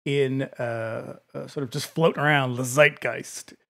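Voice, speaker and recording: A man's voice: medium pitch, fairly even intonation, measured pace, vocal fry, sharp tone. A man co-hosting a podcast in casual chat, making wry, sarcastic quips. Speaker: podcast co-host.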